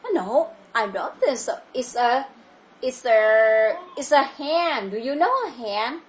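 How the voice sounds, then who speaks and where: Slow, patient Vietnamese-accented woman teacher. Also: a little high, expressive. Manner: slow, patient, repeats questions. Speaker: English teacher. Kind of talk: online English lesson for a child.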